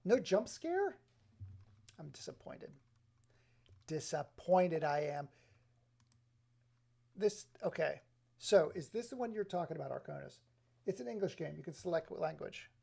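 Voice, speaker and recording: Gravelly, mellow-voiced excitable male streamer. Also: high voice, moderate pace. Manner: excitable, scattered, talks to chat, laughs often. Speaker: live streamer. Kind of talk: rambling live-stream chat with viewers.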